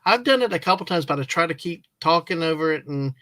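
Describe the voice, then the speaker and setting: A man joining a casual livestream chat as a guest, asking eager, quick questions with lots of fillers. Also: fairly high pitch, lively intonation, fairly bright tone, dry recording.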